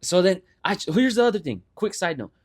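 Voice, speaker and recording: A young man co-hosting a podcast, telling stories in a casual, animated way with swearing and mock voices. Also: high voice, brisk, breathy edge. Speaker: podcast co-host. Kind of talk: casual chat.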